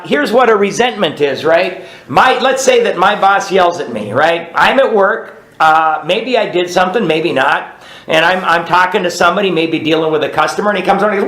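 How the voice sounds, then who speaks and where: A man's voice: high-pitched, a bit bright, reverberant. A man leading a recovery study group, teaching in a plainspoken, conversational way and often checking in with "right?". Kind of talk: teaching a group through a book.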